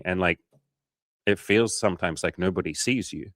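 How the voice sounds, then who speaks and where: Deep-voiced Australian man coaching casually. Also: fairly quick, a bit bright, dry recording. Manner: casual, swears often, acts out little scenes. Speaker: dating coach. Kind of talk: casual livestream coaching chat.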